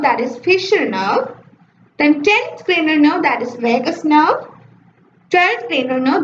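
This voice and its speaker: A woman's voice: sits high, a little hiss or hum. A woman gives a lecture over slides. She explains step by step and often checks in with "okay". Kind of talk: slide-based phonetics lecture. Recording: echoey, dull lo-fi room recording.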